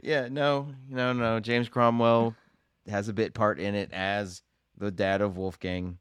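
A laid-back man with a low voice, co-hosting a casual movie podcast. His humor is dry and teasing, and the recording is close and dry with no room sound. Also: little pitch movement, a little slow, clear, resonant tone, no echo. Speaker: podcast co-host.

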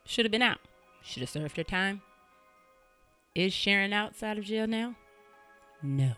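A woman podcast host tells a true-crime story in a loose, conversational way. Her voice is bright and sharp, and she is blunt and animated, swearing without hesitation. Faint music plays underneath. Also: deep voice.

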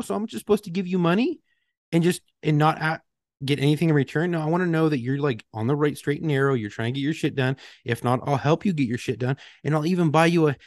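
A man's voice: fairly high pitch, quick pace, a little mellow, dry recording. A man co-hosting a podcast, telling stories in a laid-back, profane way. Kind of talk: casual storytelling.

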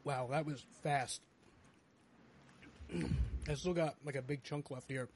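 A man's voice: medium pitch, steady tone, slow, slight background noise. A man hosting a casual chat who groans and swears in pain while eating a very spicy chip. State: in pain from burning spice. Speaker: podcast host.

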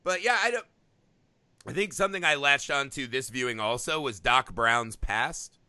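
Lively bright-voiced man chatting. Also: medium pitch, normal speed, dry recording. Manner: animated, swears freely, jumps into shouted impressions. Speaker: podcast co-host. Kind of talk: casual chat about movies.

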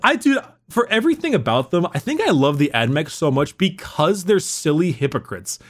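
A man's voice: a little high, big pitch swings, normal speed. A man co-hosting a podcast in casual chat, rambling, swearing freely and saying "like" a lot. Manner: rambling, swears, heavy use of "like". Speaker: podcast co-host.

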